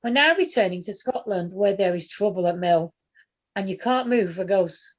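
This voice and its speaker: A woman's voice: mid-range voice, expressive, normal speed. A woman narrating the stage directions of an amateur comic play over a video call. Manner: light, storytelling narration.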